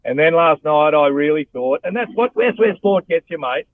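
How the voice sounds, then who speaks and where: Middle-aged Australian bloke, phone-in guest, animated and matey, a fairly high voice down a tinny line. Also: male voice, normal speed. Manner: blokey, animated, says "mate" a lot. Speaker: guest, former rugby player and radio host. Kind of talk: casual chat over a phone line.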